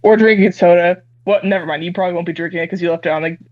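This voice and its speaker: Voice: medium pitch, fairly even intonation, very fast, dry recording. Musician guest, casual, easy laugh, muffled dry line audio. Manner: laid-back, short replies, laughs easily. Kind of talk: casual interview chat.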